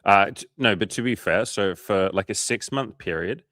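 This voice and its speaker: A man's voice: fairly low pitch, normal speed, a bit bright, dry recording, clean studio sound. An Australian man, a dating coach, chatting casually on a livestream, swearing often and acting out little scenes.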